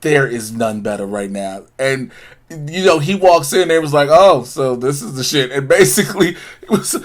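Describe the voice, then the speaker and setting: A man co-hosting a casual review, jumping in excitedly with quoted lines and laughter. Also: medium pitch, moderate pace. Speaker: co-host reviewing an episode. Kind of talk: casual recap chat.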